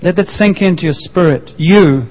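A man preaching a sermon to a congregation, repeating key phrases and slowing down to press his points home. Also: high-pitched. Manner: emphatic, repeats key phrases, slows for emphasis. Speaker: pastor. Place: church hall. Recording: muffled sound with long church reverb.

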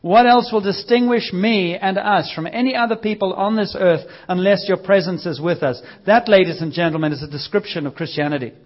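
A man preaching a sermon in a church service, with a conversational, energetic delivery and lively quoted voices. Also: sits high, fairly quick, hardly any pauses. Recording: dull lo-fi sound.

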